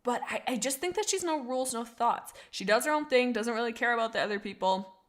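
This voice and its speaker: A young woman in casual livestream chat, thinking out loud and answering her chat. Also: a little high, lively intonation, fast talker. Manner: chatty, reads chat messages aloud, thinks out loud. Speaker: streamer.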